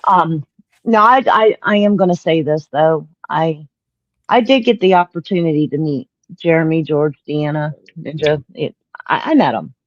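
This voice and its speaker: A woman's voice: low voice, normal speed, no echo. Southern woman guest on a muffled line. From Florida. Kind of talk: casual interview chat.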